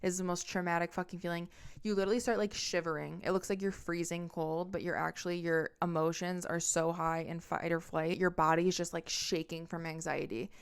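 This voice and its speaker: A young adult woman with a lowish, smooth and clear voice, recounting a personal storytime as a podcast host. She talks in a candid, intense way and swears freely. The story comes out as one unscripted spoken monologue. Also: flat delivery, a little fast.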